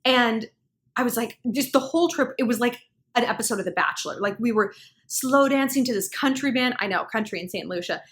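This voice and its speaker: Chatty woman vlogger, fairly high voice. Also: brisk. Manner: chatty, animated, many "like"s, acts out quoted dialogue. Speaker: relationship advice vlogger. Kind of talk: casual storytelling to camera.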